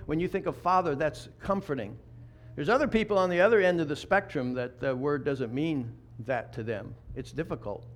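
A man's voice: a little high, a little hiss or hum. A man in his fifties preaching a sermon in a conversational way, often restarting and repeating words. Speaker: pastor.

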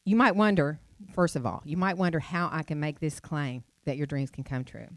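A woman's voice: low voice, moderate pace, no room sound. Middle-aged woman preacher, conversational sermon, dry close mic. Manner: chatty storytelling with rhetorical questions.

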